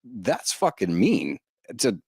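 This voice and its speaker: A young man co-hosting a casual podcast about reality TV, animated and swearing freely. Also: lowish voice, slow pace, creaky, husky, no echo, clean studio sound. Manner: animated, swears, mimics cast members' voices. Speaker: podcast co-host.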